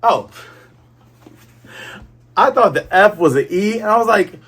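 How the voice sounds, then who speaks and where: A young man hosting a manga review, casually recapping a chapter and acting out the characters' lines in quick, playful voices. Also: sits high, expressive, a bit bright, slightly rough.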